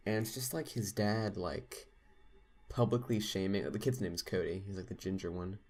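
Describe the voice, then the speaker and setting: A man's voice: deep voice, steady tone, normal speed, darkish tone. A young man telling a long story in casual podcast chat, rambling with lots of fillers. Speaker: podcast co-host.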